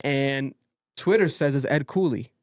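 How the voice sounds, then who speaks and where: A man hosting a podcast, recapping a reality show in animated casual chat and swearing freely. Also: medium pitch, measured pace. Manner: animated storytelling, swears freely, quotes people in raised voices. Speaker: podcast host.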